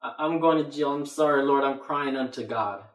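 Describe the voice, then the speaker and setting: A man's voice: medium pitch, moderate pace, distant mic, close to an everyday voice. A man acting out a begging, stammering sinner. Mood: pleading. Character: pleading repentant sinner, man, desperate. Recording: roomy echo.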